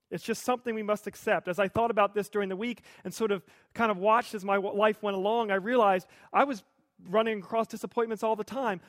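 A pastor preaching a sermon in a conversational, lightly humorous storytelling manner. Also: male voice, sits high, no room sound, clean studio sound.

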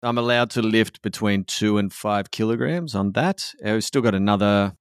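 A man's voice: on the low side, normal speed, clean tone, no room sound, studio quality. An Australian man talking candidly and casually on a podcast, swearing freely and calling his co-host "man" and "mate".

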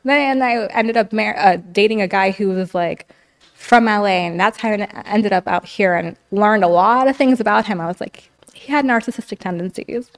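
A woman's voice: mid-range voice, moderate pace. Candid woman recounting her story. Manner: frequent "like" and "you know", reenacts quotes. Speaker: podcast guest.

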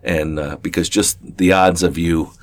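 A man's voice: low voice, fairly even intonation, normal speed. An older man from southern Ohio, an interview guest telling a long personal story in a rambling, folksy way full of fillers and restarts. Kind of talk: casual storytelling.

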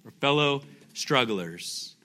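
With a mid-range voice, a sharp tone and lively intonation, a pastor preaches slowly and conversationally. He regularly asks the congregation questions and turns scripture into playful, jokey performance.

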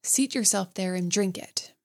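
A woman's voice: medium pitch, measured pace, vocal fry. A woman voicing a scheming, mocking female sea witch who makes an ominous bargain in a storybook reading. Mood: scornful.

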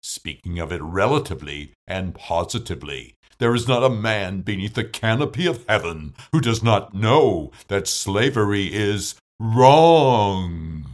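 Guy doing old-time speechmaker, new england accent, solemn, deep and swooping. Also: animated. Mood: declaiming. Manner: slow, declaiming, solemn oratory. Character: stern 19th-century abolitionist orator, male.

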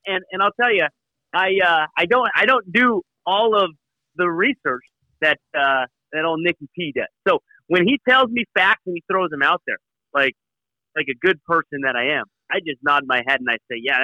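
A man's voice: high-pitched, expressive, normal speed, pushed and bright, no echo, low-quality recording. A man co-hosting a podcast, joking in laid-back talk with frequent restarts. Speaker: podcast co-host. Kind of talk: casual podcast chat.

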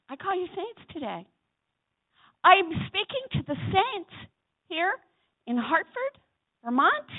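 A woman with a high voice preaches a sermon in a chapel, swinging from forceful exhortation to soft asides while urging the congregation to answer back. The audio has a thin, phone-like quality.

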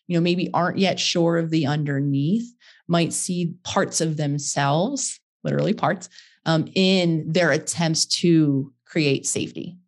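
A woman hosting a podcast asks long, thoughtful questions, slowly searching for the right words. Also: low voice, fairly even intonation. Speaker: podcast host. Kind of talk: interview questions.

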